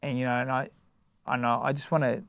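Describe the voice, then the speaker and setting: A man's voice: mid-range voice, little pitch movement, gravelly, a bit bright, clear, resonant tone, dry recording. A man, a boxer, talking casually in an interview, often restarting his sentences and filling them with "you know" and "like". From Australia. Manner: halting, many restarts and fillers. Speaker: guest, boxer.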